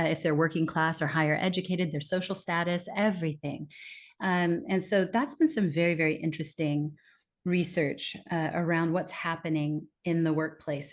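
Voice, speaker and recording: An American woman with a fairly low voice speaks as a guest expert in an interview. She explains at length in a conversational way. She slips into lively, exaggerated voices when quoting people. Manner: animated, acts out quoted reactions in lively bursts. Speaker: guest expert on accents and communication.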